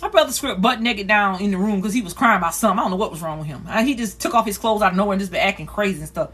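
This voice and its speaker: A woman on a phone livestream, telling a painful personal story in a rapid, repetitive, earnest way. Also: mid-range voice, fairly bright tone, husky. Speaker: livestream host.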